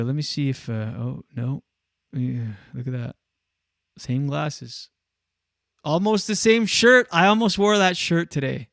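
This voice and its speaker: A man's voice: mid-range voice, creaky, dry recording, studio quality. A male show host in casual solo talk, telling a story with energy and acting out the people in it. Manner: animated storytelling, acts out quotes.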